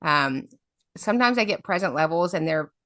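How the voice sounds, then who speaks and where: A middle-aged woman tells stories as an interview guest. She often checks in with "right?" Her voice sits a bit low, and the recording is dry and close. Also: normal speed, no room sound. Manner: lively storyteller, often adds "right?". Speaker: special education advocate, guest. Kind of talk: storytelling interview talk.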